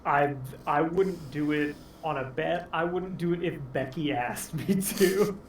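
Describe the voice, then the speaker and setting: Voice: mid-range voice, measured pace. A player in a tabletop game, making wry, teasing jokes and laughing often. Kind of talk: casual tabletop chat. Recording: echoey room, distant mic, background noise.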